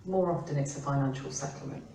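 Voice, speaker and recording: A middle-aged woman from the UK, an employment law expert talking informally and acting out quoted remarks in lively voices. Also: extremely low pitch, quick pace, slight background noise. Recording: roomy, distant mic with faint ambience.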